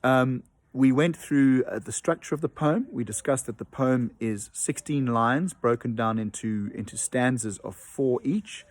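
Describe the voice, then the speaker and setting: A man's voice: mid-range voice, unhurried, hardly any pauses. A man teaching an online lesson from home, explaining patiently with many ums and uhs and tapping out rhythms aloud. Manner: hesitant with frequent ums and uhs.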